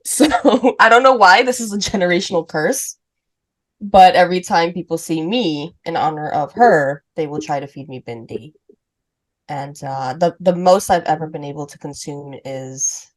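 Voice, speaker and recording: Lower-voiced woman chatting on a podcast. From Puerto Rico. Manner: animated, laughing, quick asides. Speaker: podcast co-host. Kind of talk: casual chat.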